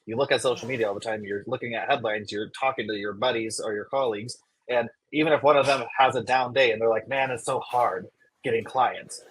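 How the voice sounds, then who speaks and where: A man co-hosting a fitness podcast who speaks in a measured, coaching way. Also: mid-range voice, steady tone, fairly bright tone, husky, low-quality recording. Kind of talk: casual podcast chat.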